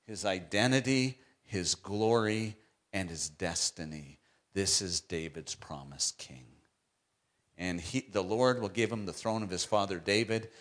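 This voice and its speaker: A middle-aged man with a lowish voice delivers a sermon as the pastor. He moves from hushed, earnest passages to loud, climbing emphasis on key lines. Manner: swings from quiet intensity to loud, high-pitched emphasis.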